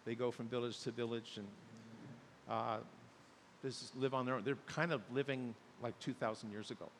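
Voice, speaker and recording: A man preaching a sermon, telling stories and building to loud, emphatic peaks. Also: mid-range voice, steady tone, normal speed. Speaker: pastor. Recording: long hall reverb, faint hiss.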